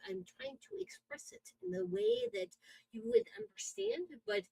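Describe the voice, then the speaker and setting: A woman from the northern Midwest with an Upper Midwest accent, co-hosting a casual wrestling podcast chat, animated, often laughing and repeating herself. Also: very high-pitched, moderate pace, gravelly, low-quality recording. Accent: Upper Midwest American. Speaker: podcast co-host.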